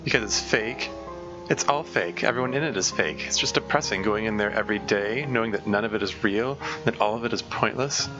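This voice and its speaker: A man voicing a sad, disillusioned teenage girl, flat and dejected, in his own voice. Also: on the low side, brisk, natural voice. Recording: dull lo-fi sound with music behind.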